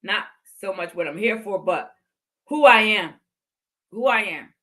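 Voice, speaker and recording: Expressive and measured, this woman's medium-pitched voice sounds pushed and bright. In her fifties and hosting a podcast, she offers heartfelt motivational talk about faith, repeating phrases to drive points home.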